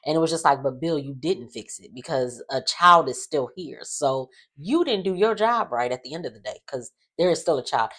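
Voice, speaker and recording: Low-voiced sassy woman recapping soaps. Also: moderate pace, few pauses, breathy edge. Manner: chatty, animated, sassy asides with many fillers. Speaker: soap opera recap vlogger. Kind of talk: casual recap and commentary.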